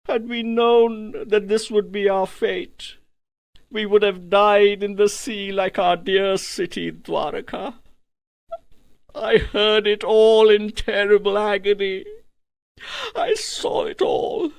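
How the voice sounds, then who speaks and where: Slow, gravelly high-voiced male narrator. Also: flat delivery, no echo. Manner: solemn and dramatic. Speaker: audiobook narrator. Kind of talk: scripted first-person narration of a spiritual text.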